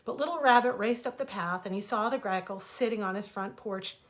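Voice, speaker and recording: A woman author reading her own fables aloud as bedtime stories, gentle and expressive, into a webcam. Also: medium pitch, fairly quick.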